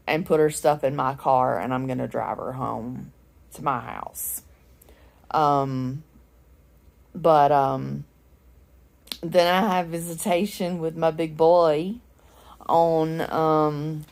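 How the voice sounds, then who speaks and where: A woman's voice: deep voice, darkish tone. A woman, chatting casually and rambling with filler words as she vlogs her day. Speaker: vlogger. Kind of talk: casual vlog chat. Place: parked car in a parking deck; at home in a recliner.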